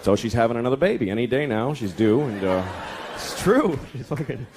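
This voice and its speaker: A man's voice: mid-range voice, very animated, fairly quick. A middle-aged man doing a stand-up comedy routine, telling profane, exasperated stories and acting out voices. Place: comedy club stage. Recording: live club recording with crowd laughter and noise. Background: audience laughing.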